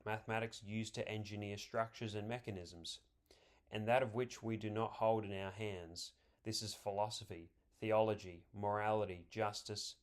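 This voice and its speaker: In a lowish voice, a man works through political commentary from a script, reciting quotes at a careful, measured pace with emphasis on key words.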